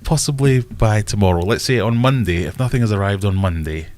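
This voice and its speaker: Scottish male host, low voice, loose self-mocking live-stream chatter. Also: a little fast, a little mellow. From Scotland. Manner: rambling and self-mocking, thinks aloud. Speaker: aquarium channel host. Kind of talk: casual live-stream chat.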